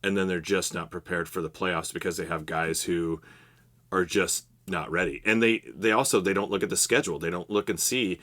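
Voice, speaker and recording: Deep-voiced guy cohosting a podcast, calm advice-giving tone. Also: brisk. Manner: steady, explanatory, advice-giving. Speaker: podcast co-host. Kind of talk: casual podcast analysis.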